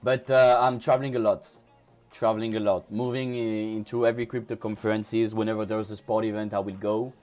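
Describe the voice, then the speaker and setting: A native French speaker from France with a French accent hosts a crypto trading livestream, chatting casually with viewers over soft background music. His voice is fairly low, level, a little fast and a little mellow, and he often restarts and repeats words.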